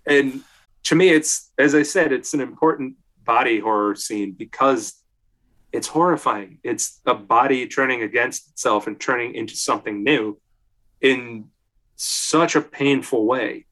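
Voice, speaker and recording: Casting: male co-host, relaxed film-chat storyteller, filler-heavy and lively. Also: medium pitch, unhurried. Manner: chatty storyteller, leans on "like", acts out quotes. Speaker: podcast co-host. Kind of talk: casual film discussion.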